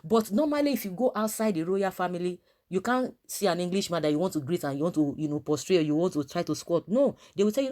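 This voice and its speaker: A woman with a Nigerian accent speaks her mind in a relaxed, unscripted way. Her sentences wander and restart, padded with frequent fillers as she builds her point. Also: fairly low pitch, a little fast. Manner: rambling, many fillers and restarts. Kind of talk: casual opinion talk.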